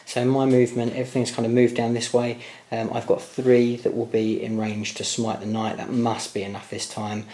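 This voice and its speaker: A man's voice: mid-range voice, little pitch movement, moderate pace, mellow. A man talking viewers through his tabletop wargame dice rolls, addressing them as guys. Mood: tired. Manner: talks to viewers as guys, hopeful and tense over rolls. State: tired late at night. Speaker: wargame player and channel host. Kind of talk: excited dice-rolling commentary to viewers.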